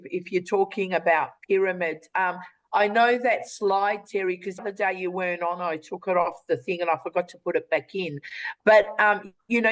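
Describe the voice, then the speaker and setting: An Australian woman hosting a live video call webinar, making a chatty, persuasive sales pitch with many fillers. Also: poor audio. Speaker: webinar host.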